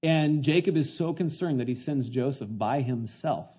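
A man's voice: medium pitch, moderate pace, warm tone, breathy edge. A man teaching a Bible passage in a chatty sermon, full of fillers and retelling scenes. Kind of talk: conversational sermon. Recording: dull lo-fi sound.

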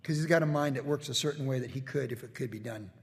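Gravelly preacher in a reverberant hall. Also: male voice, medium pitch, fast. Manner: earnest preaching, slips into acted quotes of biblical figures. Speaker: pastor. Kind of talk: sermon.

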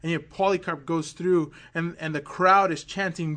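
A man preaching a sermon, telling a story dramatically, dropping to hushed quoted words and rising to loud build-ups. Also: high voice, steady tone, normal speed.

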